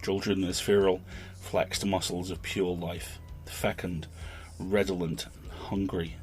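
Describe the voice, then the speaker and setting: Deep voiced host guy mulling over a story, slow and thoughtful, faint music under him. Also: level tone, a little mellow. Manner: thoughtful, literary, deliberate. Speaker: podcast host. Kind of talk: reflective story commentary.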